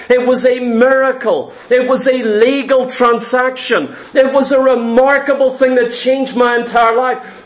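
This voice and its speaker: Man, very high voice, preacher, sermon, repetitive emphatic phrasing, rhetorical questions. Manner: clears throat often.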